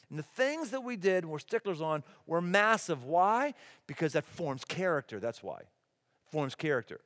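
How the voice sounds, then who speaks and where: A middle-aged man preaching a sermon as pastor, animated and emphatic, acting out the people he quotes. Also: high-pitched. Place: large church auditorium. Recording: long hall reverb.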